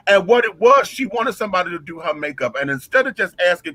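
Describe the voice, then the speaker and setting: A man's voice: high voice, big pitch swings, quick pace, hardly any pauses, pushed and bright, no room sound, low-quality recording. A man telling a backstage story in a brash, profane, dramatic way, with features. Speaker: drag performer telling a story. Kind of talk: casual storytelling chat.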